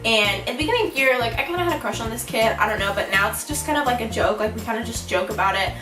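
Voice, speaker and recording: A woman's voice: fairly high pitch, racing, far from the mic. Giggly young woman telling a storytime. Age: young adult. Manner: animated, giggly storytelling with acted-out shouts. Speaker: vlogger. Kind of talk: storytime vlog. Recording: echoey room, a bit off-mic, music behind.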